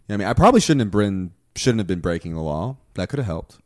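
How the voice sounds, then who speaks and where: A man's voice: low voice, sing-song, quick pace, a little mellow, no echo, clean studio sound. A young man in his twenties telling a crude, rambling story full of "like" fillers in casual chat.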